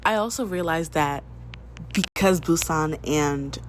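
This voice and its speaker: A woman's voice: low-pitched, measured pace, far from the mic, slight background noise. Gushing young woman, roomy echo. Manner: rambling, gushing, full of "like" fillers. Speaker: vlog host. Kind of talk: casual chat.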